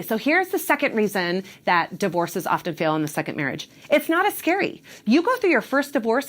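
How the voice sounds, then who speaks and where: A woman who works as a divorce coach, giving emphatic advice straight to camera and checking in with "okay?" and "right?". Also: medium pitch. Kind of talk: direct-to-camera advice talk.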